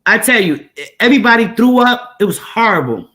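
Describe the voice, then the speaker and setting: An animated woman tells a story in casual chat. Her voice is bright and forceful, and she leans hard on repeated phrases to drive each point home. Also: fairly high pitch, fairly quick. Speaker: host.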